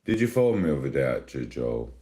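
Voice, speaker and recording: A man's voice: very deep voice, very animated, fast, mellow. A man on a casual live stream at home, rambling and complaining in an exasperated way, talking into a phone.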